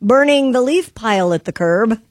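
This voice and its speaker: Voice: medium pitch, expressive, moderate pace, dry recording, clean studio sound. A radio co-host chatting casually and reading light news items in an upbeat way.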